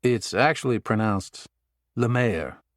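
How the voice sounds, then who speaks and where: A man's voice: on the low side, expressive, measured pace, gravelly, no room sound, studio quality. A man voicing a wry, confident male Secret Service agent in an audiobook.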